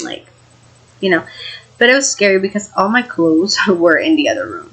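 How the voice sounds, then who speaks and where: This shaken young vlogger recounts a frightening real experience in a casual, meandering way, with plenty of fillers and the odd curse. Her lowish, fairly bright voice swings widely in pitch at a moderate pace, slightly rough, over poor audio, and she sounds emotional.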